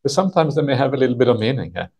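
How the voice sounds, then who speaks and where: Husky, halting male meditation teacher. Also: medium pitch, big pitch swings. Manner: halting, thinks aloud, many "uh" and "yeah" fillers; gentle, patient explaining. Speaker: Buddhist monk teaching a retreat. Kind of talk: unhurried dharma talk explaining a text. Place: retreat session with a live audience.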